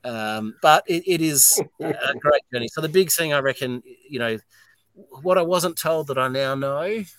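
A man's voice: on the high side, normal speed, dry recording. A middle-aged Australian man, a distillery owner talking as a guest in a casual podcast interview, blunt and swearing as he tells stories. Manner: blunt, swearing, animated storyteller.

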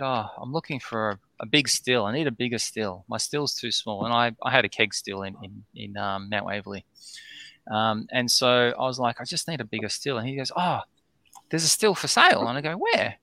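A man's voice: mid-range voice, a little fast, dry recording. A middle-aged Australian man telling a long, rambling story as a guest on a podcast, full of ums and "right?". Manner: rambling, excitable, lots of "um" and "right?". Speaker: distillery founder, guest.

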